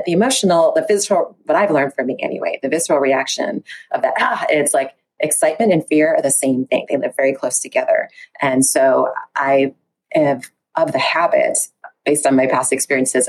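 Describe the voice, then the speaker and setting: A woman's voice: extremely low pitch, brisk, husky. A woman researcher, a podcast guest, speaking candidly and reflectively, acting out her own inner dialogue. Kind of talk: candid conversational interview.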